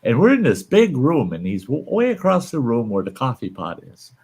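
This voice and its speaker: A man's voice: mid-range voice, wildly swooping pitch, moderate pace, a little mellow, slightly rough. An older American man, a channel host, telling a folksy story in casual chat and chuckling as he goes. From American West.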